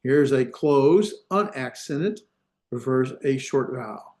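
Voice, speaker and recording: A man's voice: medium pitch, expressive, slow, a little mellow. Man teaching a grammar class. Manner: explains step by step, often checking the class follows. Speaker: Hebrew grammar instructor. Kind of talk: online class lecture. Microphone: video call.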